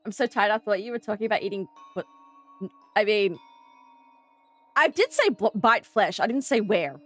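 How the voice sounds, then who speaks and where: A young Australian woman streaming, chatting casually to her viewers, giggling and gasping excitedly. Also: mid-range voice, faint music behind. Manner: giggly, bubbly and excitable, quick gasps and squeals. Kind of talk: casual live-stream chat.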